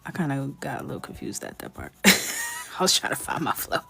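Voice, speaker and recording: A woman in her thirties chatting casually and jokingly while coloring on a livestream, often dropping into soft whispers. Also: a bass voice, very animated, brisk, creaky, soft background music.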